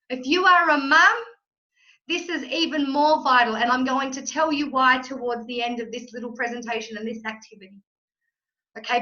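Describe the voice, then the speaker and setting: A woman's voice: sits high, bright, forceful tone, lo-fi sound. A woman mindset coach giving a motivational masterclass talk in an emphatic, punchy way, driving points home with repetition.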